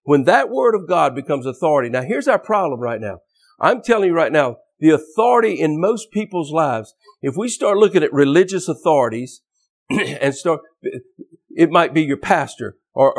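A man's voice: a little high, very animated, moderate pace, husky. A man preaching a fervent, emphatic sermon, often restarting and repeating words as he drives his points home.

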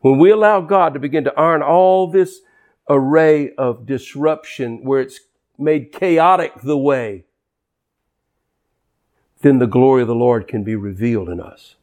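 A man in his sixties preaching a sermon with passion, dropping to hushed tones and rising to near-shouts. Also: medium pitch, unhurried. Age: 60s.

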